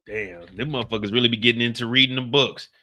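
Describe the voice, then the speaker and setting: Male live-stream host, loose and profane, laughs a lot; bright, forward voice. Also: medium pitch, fast. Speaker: streamer reacting to a show. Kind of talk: casual live reaction stream.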